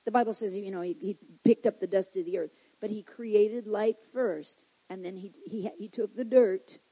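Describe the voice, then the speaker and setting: A woman preaching a sermon, reading scripture and building to loud emphatic declarations before dropping to quiet asides. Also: mid-range voice, moderate pace, breathy edge, poor audio.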